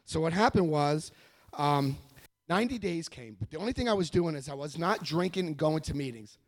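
A man speaking at a recovery meeting, telling his own story to an audience in a lively, self-mocking way with jokes. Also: a little high, brisk, no room sound. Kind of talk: humorous personal storytelling to an audience.

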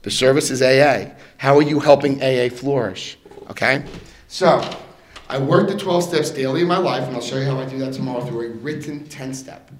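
A middle-aged man telling his recovery story to a room, animated, swinging between loud and soft and acting out voices. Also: medium pitch, brisk, a little hiss or hum. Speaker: recovery speaker.

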